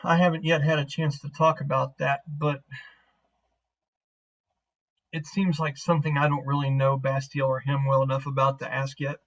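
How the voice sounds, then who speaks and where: A man's voice: mid-range voice, level tone, fairly quick, a bit bright, a little hiss or hum, poor audio. A man narrating as game master of a tabletop game, casual and profane, rambling through scenes.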